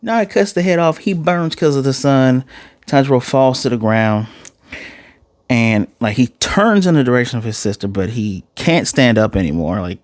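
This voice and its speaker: A man giving a casual, animated recap and reaction to an anime episode, acting out the characters' lines in quick asides. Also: medium pitch, no room sound, clean studio sound. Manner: loose and chatty, with fillers and self-corrections. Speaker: anime reviewer.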